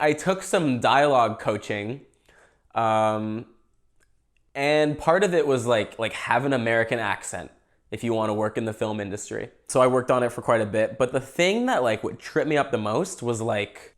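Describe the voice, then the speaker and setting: Young Canadian man, loose joking host, talks through his food. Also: mid-range voice. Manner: rambling, joking, eating while talking. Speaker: podcast host. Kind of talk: casual livestream chat.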